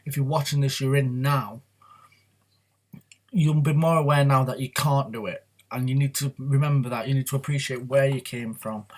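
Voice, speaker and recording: A man talking openly in a rambling, confessional way on his personal vlog. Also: medium pitch. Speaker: vlogger. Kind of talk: candid personal vlog talk.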